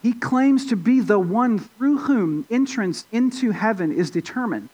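High-voiced man preaching conversationally. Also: expressive, unhurried, darkish tone, slightly rough, low-quality recording. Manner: conversational, with frequent fillers and restarts; rises in pitch and volume for emphasis. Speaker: pastor. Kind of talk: expository sermon.

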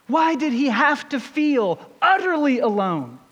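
Preacher, male, very high and animated voice, repeated rhetorical questions, long hall reverb. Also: a little slow, dull audio. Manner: rhetorical questions, building intensity. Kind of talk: sermon.

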